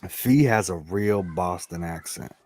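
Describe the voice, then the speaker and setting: A man's voice: sits low, a little slow, darkish tone, no room sound. A man from central Massachusetts co-hosting a talk show, easygoing and reflective. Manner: easygoing, reflective, laughs often. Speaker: co-host. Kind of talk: casual chat.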